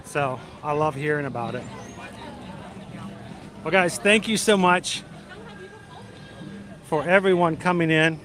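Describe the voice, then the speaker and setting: A man's voice: on the high side, slow pace, pauses often. A man hosting a casual live stream from a theme park, chatting and reading out viewers' names and hometowns. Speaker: livestream host.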